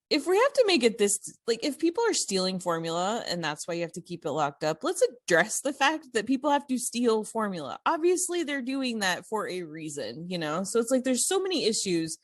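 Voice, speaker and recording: A woman co-hosting a podcast, telling a story in a casual, animated way, with many fillers and restarts. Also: mid-range voice, fairly quick, few pauses, no echo, studio quality. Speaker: podcast co-host.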